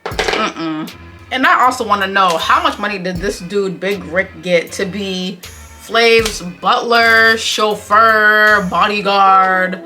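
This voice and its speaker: A woman's voice: medium pitch, takes it slowly, sharp tone, faint music behind. A young woman giving a casual, sassy recap and commentary on a reality show, blunt and full of slang. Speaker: commentary vlogger.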